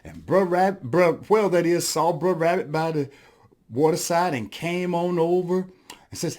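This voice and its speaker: Lively male storyteller, high voice. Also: a little slow. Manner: lively, addresses audience, makes sound effects. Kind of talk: animated folktale storytelling.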